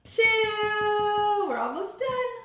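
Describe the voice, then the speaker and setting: A woman teacher reading a counting story aloud to young children in a sing-song, animated way, coaxing them to count along. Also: very high-pitched, very slow. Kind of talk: storybook read-aloud lesson. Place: classroom or learning center room. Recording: echoey room.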